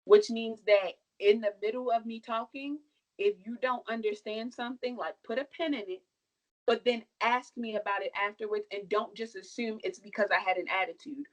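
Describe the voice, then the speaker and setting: A young woman with a fairly high, slightly bright voice argues with force and conviction, pressing each point home. She comes across as emphatic and a bit sassy, like a podcast guest in an impassioned discussion making her case. The recording quality is low.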